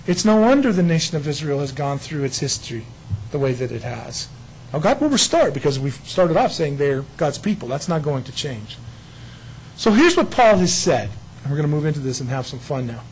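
A man preaching with a husky, slightly high voice. He talks emphatically and with animation, and he jumps into quick voiced asides for God. The sound is a steady sermon delivery. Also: rough recording. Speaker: pastor.

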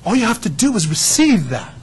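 A man's voice: high-pitched, big pitch swings, brisk, husky, poor audio. A man preaching a sermon, telling stories with laughter and acted-out quotes. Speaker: pastor.

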